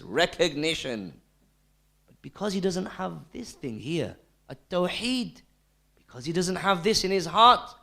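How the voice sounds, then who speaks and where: A man's voice: on the high side, vocal fry, fairly bright tone. A man giving a recorded Islamic lesson, telling a story and asking rhetorical questions with repeated phrases. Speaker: Islamic teacher.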